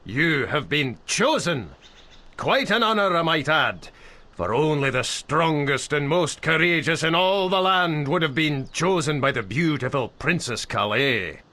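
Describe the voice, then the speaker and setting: An actor playing a sly, theatrical herald in a game who speaks in flowery, dramatic phrases. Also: male voice, fairly high pitch, animated, a little slow, sharp tone, full character voice.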